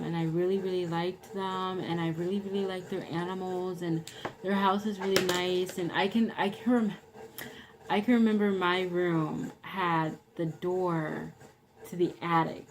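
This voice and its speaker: A woman's voice: fairly low pitch, low-quality recording. A young woman telling a personal story in a rambling, casual way, full of "like" and "you know". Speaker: vlogger.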